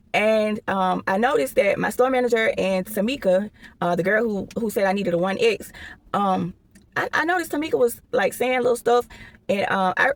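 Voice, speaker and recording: A woman's voice: mid-range voice, creaky. A young woman tells a casual storytime, rambling along and tossing in "or whatever" asides.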